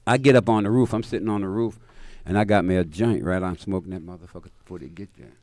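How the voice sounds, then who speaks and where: A man hosting a radio show, telling a long profane story in casual chat, animated and acting out the voices of the people in it. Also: low voice, fast talker, dry recording. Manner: animated, acts out quoted voices, laughs mid-story. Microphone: studio mic.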